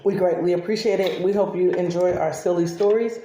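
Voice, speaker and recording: A woman's voice: on the low side, fairly even intonation, brisk, dark tone, reverberant, muffled recording, slight background noise. A woman and mother telling family stories over breakfast in a casual, chatty way, laughing often. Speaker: vlogger and mother. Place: home kitchen table.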